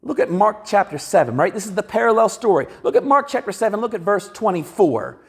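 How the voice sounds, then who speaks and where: A male preacher with a high, very lively voice that swings up and down as he talks. He keeps it conversational and animated, slipping into little acted-out quotes as he preaches in a church. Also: fairly quick, husky. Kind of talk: sermon. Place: church sanctuary.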